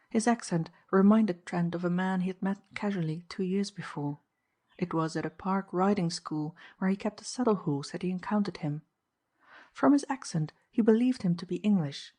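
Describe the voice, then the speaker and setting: Woman audiobook narrator, lower voice, steady and measured delivery. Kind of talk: scripted narration.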